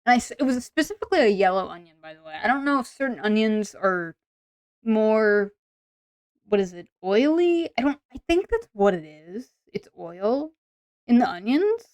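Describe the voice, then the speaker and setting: Woman, streamer, casual rambling chat, smooth voice, dry close sound. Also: fairly high pitch, very animated, normal speed, a little mellow, no room sound. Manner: chatty and rambling, many "like" and "um" fillers.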